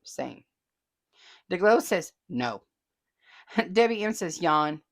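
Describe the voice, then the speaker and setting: A woman's voice: lowish voice, sing-song, slow. A chatty woman, hosting a casual vlog and reading viewer comments aloud with frequent laughter. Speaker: host.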